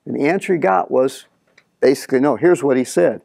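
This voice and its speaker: A middle-aged male pastor preaching a sermon in an animated way, acting out the prayers he quotes. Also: mid-range voice, a little fast, creaky, dry recording, clean studio sound.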